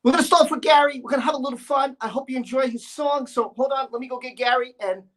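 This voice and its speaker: A man hosting a livestream in casual, excitable, chatty talk. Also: very high voice, quick pace. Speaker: livestream host.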